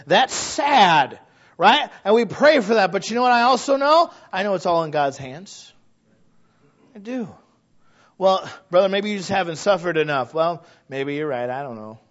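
A man preaching a sermon in a church, animated and quick to laugh as he talks to the congregation. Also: high voice, dull audio. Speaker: pastor.

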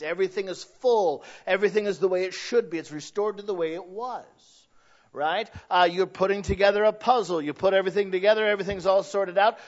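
A man preaching a conversational sermon, earnest and emphatic at times, hushed at others. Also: high-pitched, highs cut off.

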